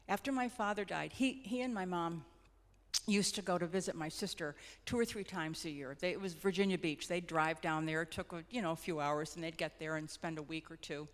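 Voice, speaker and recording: A middle-aged woman, a hospice nurse, telling personal stories in a gentle, reflective, sometimes halting way. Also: fairly low pitch. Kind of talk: personal storytelling talk. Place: church hall. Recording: long hall reverb.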